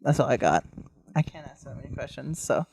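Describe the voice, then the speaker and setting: A man's voice: medium pitch, big pitch swings, fairly quick, vocal fry, darkish tone, husky, dry recording. A young man chatting casually with friends, making wry, sarcastic jokes. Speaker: panelist. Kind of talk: casual chat.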